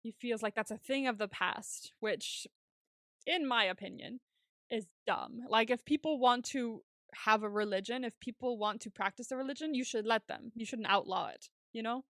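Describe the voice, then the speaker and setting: A woman's voice: fairly high pitch, normal speed, no echo, clean studio sound. A woman co-hosting a podcast, casually recapping a TV episode and acting out the characters' lines. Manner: animated retelling, acts out characters' lines, laughs often. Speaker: podcast co-host.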